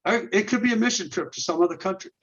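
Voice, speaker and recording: A man's quick, high, slightly bright voice comes through lo-fi sound. The guest, a men's ministry leader, gives earnest step-by-step instruction in an interview, leaning on rhetorical questions and regularly restarting his words.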